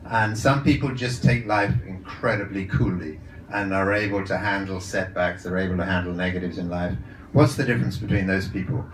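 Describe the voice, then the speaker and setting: A man with a fairly low voice speaks to a live audience about his ideas as a coach, telling stories in a chatty, rambling way full of uhs and restarts. His voice carries a roomy echo, heard from some distance off the mic, with faint noise behind. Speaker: psychologist and coach giving a talk. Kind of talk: live talk to an audience with anecdotes. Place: event room with a live audience. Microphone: handheld or lapel mic.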